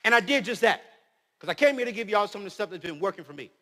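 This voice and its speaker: A man in his thirties preaching to a crowd in a lively, joking way, his voice rising loud and dropping soft. His voice is high and bright. It rings with long reverb from a big hall. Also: quick pace, a little hiss or hum. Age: 30s. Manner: animated storytelling, swings between loud and soft; humorous, slangy. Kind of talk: motivational speech.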